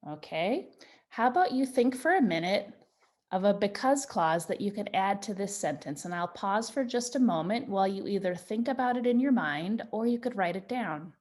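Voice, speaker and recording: A woman's voice: medium pitch, expressive, a little mellow. Patient woman teaching young children. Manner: slow, patient and encouraging, stretching out example sentences. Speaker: Montessori teacher. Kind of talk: children's writing lesson.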